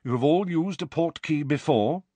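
A man voicing a calm, commanding elderly wizard headmaster who speaks in a measured, grave way. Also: fairly high pitch, husky, no echo, voice pushed up. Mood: urgent.

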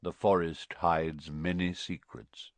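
A man voicing a solemn, cryptic male centaur with a deep, sorrowful voice, speaking slowly and gravely in a storybook reading. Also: little pitch movement, dry recording. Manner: slow, grave, evasive.

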